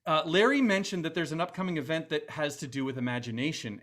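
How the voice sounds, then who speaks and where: Bright-voiced chatty man with a Boston accent. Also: on the high side, fast talker, hardly any pauses. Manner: chatty, upbeat, many fillers. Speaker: event host. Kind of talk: virtual fundraiser hosting.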